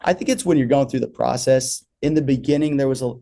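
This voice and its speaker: A man's voice: mid-range voice, steady tone, fast talker, vocal fry, mellow. A man talking as a podcast guest about selling insurance in a laid-back, easygoing casual chat.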